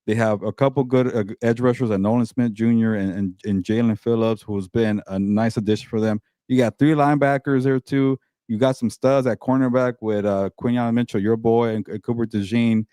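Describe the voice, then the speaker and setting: A man's voice: mid-range voice, level tone, brisk, hardly any pauses, mellow, smooth, dry recording, studio quality. A man co-hosting a casual sports talk show, ranting in an exasperated, profane way and stumbling over repeated words. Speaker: co-host.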